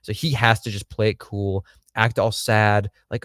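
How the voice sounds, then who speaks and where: A man's voice: fairly low pitch, little pitch movement, measured pace, a bit bright, dry recording, clean studio sound. A man co-hosting a casual show review livestream, blunt and crude with joking asides. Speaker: podcast co-host.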